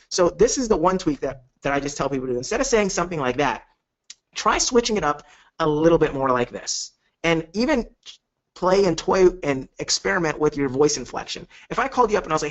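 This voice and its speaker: A man's voice: fairly high pitch, lively intonation, brisk, lo-fi sound. A man coaching on a live webinar, talking with energy and acting out quoted phone calls. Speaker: network marketing coach.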